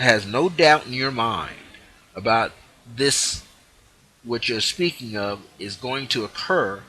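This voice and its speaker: Husky, bright-toned man leading affirmations. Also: medium pitch, rough recording. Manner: leads listeners through repeated affirmations, stressing key words. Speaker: spiritual teacher. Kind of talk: teaching session with guided affirmations.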